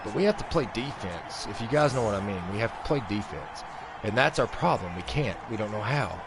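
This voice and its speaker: A man hosting a sports video game channel, giving let's-play commentary in a mock play-by-play style. He vents and swings between flat grumbling and excited outbursts. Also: fairly low pitch, fairly quick, background noise. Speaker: gaming channel host.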